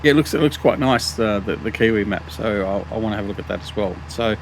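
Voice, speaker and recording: A fast-talking middle-aged Australian with a fairly low voice hosts a gaming channel, rambling through casual commentary on a farming game. Ums, restarts and self-deprecating jokes come often, and the recording has a little hiss or hum.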